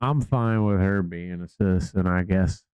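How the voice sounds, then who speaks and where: A man's voice: low-pitched, moderate pace, a little mellow, clear, resonant tone, no room sound. A man co-hosting a podcast, chatting casually with laid-back, short replies. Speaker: podcast co-host.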